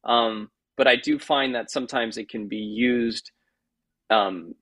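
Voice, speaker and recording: A middle-aged man from the Boston area talks as a podcast guest, telling lively stories with many restarts and acted-out quotes. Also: medium pitch, unhurried. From Boston area, USA. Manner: animated storyteller, many restarts, acts out quotes. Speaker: podcast guest, culture trainer. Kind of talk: conversational interview.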